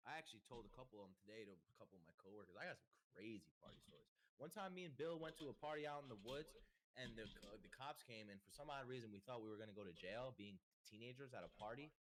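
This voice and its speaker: A man's voice: medium pitch, expressive, quick pace. A young man hosting a podcast in casual chat, rambling and restarting his sentences as he goes. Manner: rambling, stop-start with many restarts. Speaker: podcast host.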